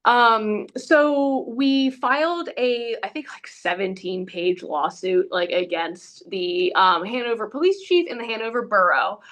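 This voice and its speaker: A woman in a casual interview, chatty and animated, using lots of "like" and "you know". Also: medium pitch, unhurried, few pauses. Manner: acts out others in quoted voices, laughs easily. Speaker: witchcraft shop owner and guest.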